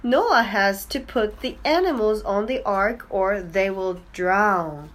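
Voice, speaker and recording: A woman reading a children's storybook aloud and voicing a young boy in a calm, reassuring tone. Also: medium pitch, takes it slowly, natural voice.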